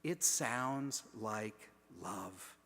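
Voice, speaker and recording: A man preaching a sermon, moving from hushed, almost whispered lines to loud emphatic declarations. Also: fairly low pitch, animated, drawn-out words. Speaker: pastor. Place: large church sanctuary. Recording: long echo of a large church sanctuary.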